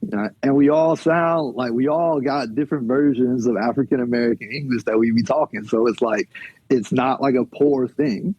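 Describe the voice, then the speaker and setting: A man who is a guest on a podcast, talking in a relaxed, casual way, often laughing and using "like" and "you know.". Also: mid-range voice, moderate pace, breathy edge, dry recording, dull audio.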